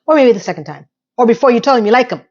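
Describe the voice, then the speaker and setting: Chatty woman host, higher voice, sassy recap commentary, dull lo-fi recording. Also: animated, racing, darkish tone. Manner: chatty, sassy asides, acts out quotes.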